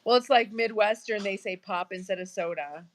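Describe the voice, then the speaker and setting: A woman's voice: medium pitch, normal speed, slight background noise, low-quality recording. A woman co-hosting a casual live-stream chat, chiming in with short friendly remarks and curious questions.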